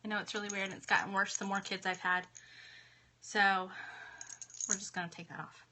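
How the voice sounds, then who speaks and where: A woman's voice: medium pitch, flat delivery, a little fast, bright, forceful tone. A woman in her thirties hosting a casual live stream from her home office, chatting and greeting viewers by name in a bubbly way. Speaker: livestream host.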